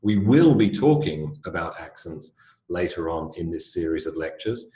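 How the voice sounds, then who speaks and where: A man with a British accent gives a recorded English pronunciation lecture, spelling words out letter by letter in a clear, deliberate way. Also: low voice, animated, warm tone. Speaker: English teacher. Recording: roomy echo.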